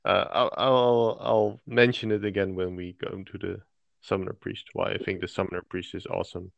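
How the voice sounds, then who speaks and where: A man co-hosting a casual tabletop game chat, relaxed and easygoing, with fillers. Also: deep voice, moderate pace, vocal fry, dry recording, highs cut off. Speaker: podcast co-host.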